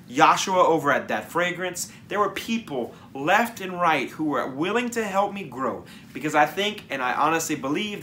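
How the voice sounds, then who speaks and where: Casting: male vlog host, bright voice, enthusiastic, rambling, unscripted feel. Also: a little high, a little hiss or hum. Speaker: fragrance reviewer and channel host. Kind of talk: casual vlog talk to camera.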